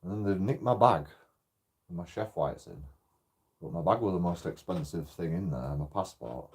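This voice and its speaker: A British man with a fairly low voice rambles through stories in a casual streaming chat. His tone is mellow and relaxed, and he swears freely and laughs often. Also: normal speed. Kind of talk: casual storytelling while gaming.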